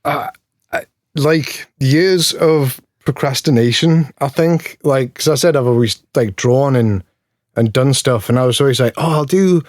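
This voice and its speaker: At a measured pace and in a mid-range voice, a pedal builder from Newcastle, England, speaks with a Geordie accent as an interview guest. The chat is casual, rambling and self-deprecating, punctuated by frequent laughs. Studio-quality audio with no echo.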